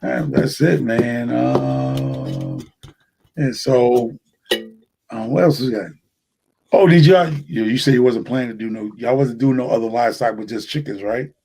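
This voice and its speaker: A man's voice: mid-range voice, expressive, unhurried, vocal fry, dark tone, husky, faint music behind. Laid-back New man chatting. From New York City. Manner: rambling, laid-back, slangy. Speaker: podcast host. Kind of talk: casual chat.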